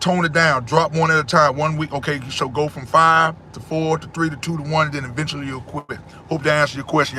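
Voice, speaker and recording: A man hosting a casual livestream, answering his chat in a loud, preachy way and repeating phrases. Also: fairly high pitch, slight background noise.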